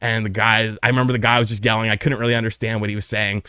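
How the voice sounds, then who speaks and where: A man's voice: lowish voice, flat delivery, very fast, pushed and bright, smooth, dry recording. A young man casually telling a personal story, candid and profane, on a close mic. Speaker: vlogger.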